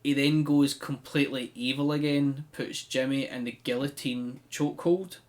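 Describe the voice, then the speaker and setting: Man, mid-pitched voice, casual podcast chat, rambling storyteller. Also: fairly even intonation, normal speed. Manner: chatty storyteller with frequent "um" and "like". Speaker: podcast co-host. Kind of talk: casual chat, recapping a wrestling show.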